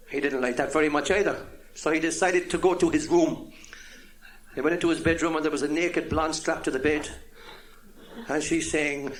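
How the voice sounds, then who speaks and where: Chuckling comedian telling jokes. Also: male voice, on the high side, a bit bright. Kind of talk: live joke telling.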